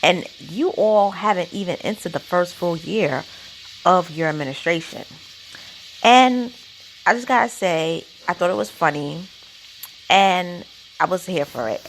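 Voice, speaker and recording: A woman's voice: on the low side, creaky, slight background noise. A woman vlogger giving blunt, opinionated political commentary and speaking straight to the people she criticizes.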